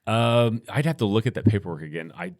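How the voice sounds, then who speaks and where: Middle-aged American man, very low voice, dry close sound, easygoing storyteller with restarts. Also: fast, dry recording. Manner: relaxed, rambling anecdotal delivery with restarts. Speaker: podcast guest, firearms instructor. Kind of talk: casual storytelling in interview.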